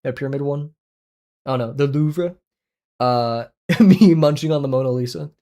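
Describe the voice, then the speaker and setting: A young man chats with his viewers while he draws on a livestream. He rambles from topic to topic and often breaks into laughter. His voice sits in an ordinary middle pitch, but it bounces up whenever he gets excited. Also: normal speed. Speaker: art livestreamer. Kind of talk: casual chat with viewers while drawing.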